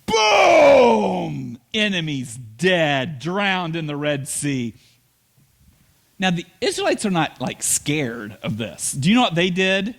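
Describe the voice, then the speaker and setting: A man preaching a sermon as pastor, telling the story with playful asides and quick acted lines. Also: on the high side, big pitch swings, fairly bright tone.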